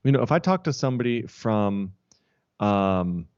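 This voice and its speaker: A lower-pitched man talking in a loose, rambling, friendly way, hopping between thoughts with lots of "like" and "you know". The sound is dry and a bit dull and lo-fi, as over a call. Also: animated, normal speed, darkish tone, smooth, no echo. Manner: chatty, rambling storyteller with many fillers and laughs. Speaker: podcast co-host. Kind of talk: casual tech podcast chat.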